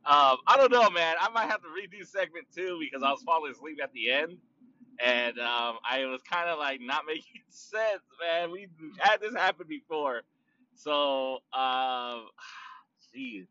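A man hosts his podcast on his own, rambling and swearing freely as he circles back and restarts his sentences. His voice is bright and forceful and sits a bit high. The recording sounds dull and lo-fi. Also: lively intonation, a little slow. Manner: rambling, profane, restarts often. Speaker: podcast host. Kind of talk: casual solo podcast talk.

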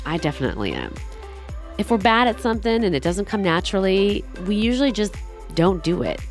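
A woman's voice: medium pitch, sing-song, a little fast, soft background music. A woman hosting a podcast, talking in an upbeat, enthusiastic way as she introduces the show and interviews a guest. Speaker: podcast host.

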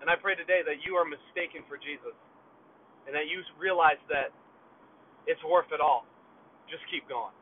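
A man's voice: a little high, normal speed, long pauses, a little hiss or hum. A man, a children's pastor, giving a passionate devotional message on a podcast, short of breath from emphatic preaching. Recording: tinny phone-like sound.

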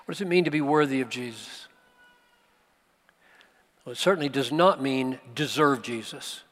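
A man preaching a sermon at a conference, slow and emphatic, with dramatic pauses. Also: mid-range voice, fairly bright tone. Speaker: pastor. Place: large conference hall. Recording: live hall recording with long reverb.

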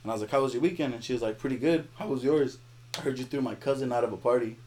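A man's voice: mid-range voice, very fast. Young man telling a wild party story. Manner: animated, laughing, acts out quoted voices. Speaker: guest. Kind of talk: casual storytelling.

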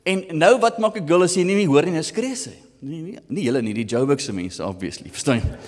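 A man with a South African accent preaching a sermon, animated and switching between English and Afrikaans. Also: a little high, fast talker, few pauses, long reverb tail. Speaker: pastor.

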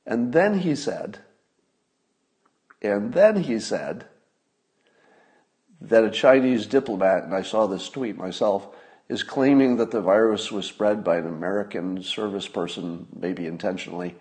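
A man's voice: lowish voice, a little slow, pauses often, darkish tone. A man hosting a solo podcast, talking casually in a wry manner, with asides and restarts. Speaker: podcast host.

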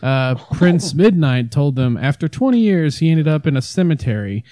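A man on a podcast reading out a news story in casual chat, halting and stumbling over words. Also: a little high, expressive, warm tone, dry recording. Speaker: podcast co-host.

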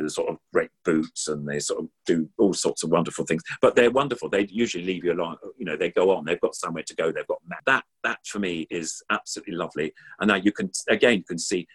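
An older puppeteer chatting about his past in a rambling, enthusiastic way. His voice sits very low with a husky grain. He fills his sentences with ums and warm exclamations. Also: quick pace. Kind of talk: casual reminiscing chat.

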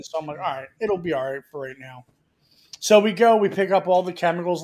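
A man with a high voice hosts a radio talk show and spins a long, swear-filled story. He acts out each person's lines as he tells it. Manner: animated, acts out other people's lines. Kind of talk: profane storytelling chat.

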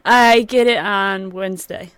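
A woman's voice: medium pitch, fairly even intonation, measured pace, fairly bright tone, clear, resonant tone, no echo. A woman co-hosting a podcast in casual, teasing chat. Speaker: podcast co-host.

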